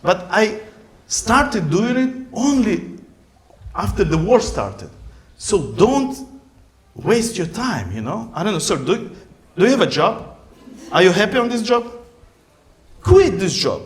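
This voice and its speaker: A man's voice: high-pitched, takes it slowly, long pauses. A middle-aged man who is not a native English speaker, performing a stand-up set in broken English on a club stage. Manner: broken English, animated, shouts to the crowd near the end. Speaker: stand-up comedian. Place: comedy club stage in front of a live audience. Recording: roomy club sound with crowd laughter and noise. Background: audience laughing, room noise.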